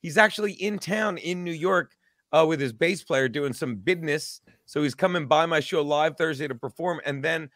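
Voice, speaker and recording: A man's voice: on the high side, moderate pace, a bit bright, dry recording, studio quality. A man hosting a podcast, chatting in an upbeat, scattered way about his week of shows. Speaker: podcast host. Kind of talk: casual chat.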